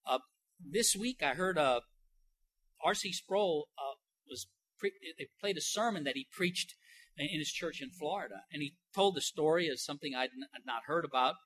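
Male pastor, conversational sermon, rising emphatic passages, bright tone. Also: a little high, normal speed, slightly rough.

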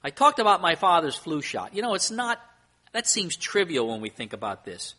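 A man's voice: on the high side, very animated, moderate pace, bright, forceful tone, breathy edge. A man preaching a sermon as pastor, earnest, with emphasis that rises and falls. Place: church.

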